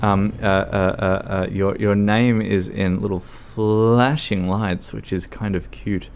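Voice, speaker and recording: A man's voice: on the low side, steady tone, slow, gravelly, darkish tone, clean tone. A tipsy man with an Australian accent chatting and giggling with viewers on a gaming livestream. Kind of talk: casual gaming livestream chat.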